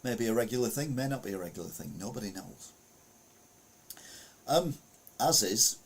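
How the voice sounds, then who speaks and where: A man's voice: mid-range voice, expressive, slow pace, creaky, long pauses, husky. A man hosting a casual news podcast, rambling and chuckling as he reads out stories and mutters asides to himself while sharing his screen. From United Kingdom. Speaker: podcast host.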